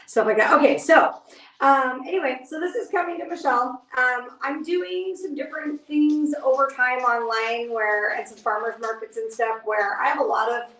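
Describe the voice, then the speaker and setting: Woman, fairly high voice, rambling casual chat, roomy echo. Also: normal speed, a bit bright, recorded from a distance. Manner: rambling, chatty, many fillers and asides. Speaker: nail artist livestream host. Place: home studio with dogs around.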